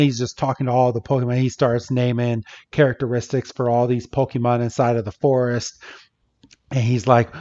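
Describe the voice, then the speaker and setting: A man's voice: mid-range voice, level tone, normal speed, dark tone. A man co-hosting a podcast, casually and playfully retelling movie scenes with quoted lines. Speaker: podcast co-host. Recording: dull lo-fi podcast audio.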